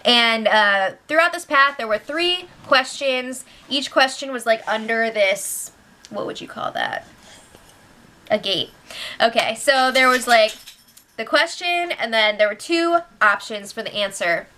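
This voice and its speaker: A chatty woman hosts a casual recap of a reality show and keeps it loose and giggly. Her voice sits a little high, and she slips in sarcastic asides as she runs through the news. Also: lively intonation, measured pace, bright, forceful tone.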